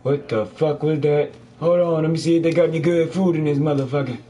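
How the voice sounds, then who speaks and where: Slightly high and warm, his voice stays steady as he talks a bit fast. The gamer plays a horror game while delivering crude, comic commentary and swearing at everything he meets, with faint background noise audible.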